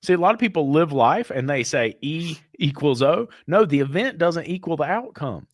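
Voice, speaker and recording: A man co-hosts a relaxed business chat, telling stories in a voice that rises and falls a lot. He acts out the people in his anecdotes. The sound is dry and close. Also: on the high side, moderate pace, no room sound. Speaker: podcast co-host. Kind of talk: casual storytelling chat.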